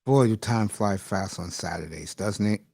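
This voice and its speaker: A man's voice: fairly low pitch, moderate pace, creaky, a little mellow, slightly rough, dry recording, studio quality. A man hosting a casual live stream, rambling and emotional, calling his listeners bro and folks. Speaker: livestream host. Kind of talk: casual livestream chat.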